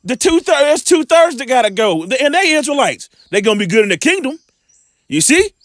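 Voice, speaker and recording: Animated high-voiced man reading scripture. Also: no room sound. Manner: slow deliberate reading, casual asides. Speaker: scripture teacher.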